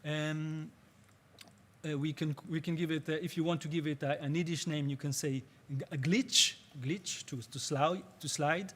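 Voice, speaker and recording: A man teaching a music workshop, speaking patiently and haltingly as he searches for words in English. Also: fairly high pitch, fairly even intonation. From Israel. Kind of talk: spoken workshop lecture.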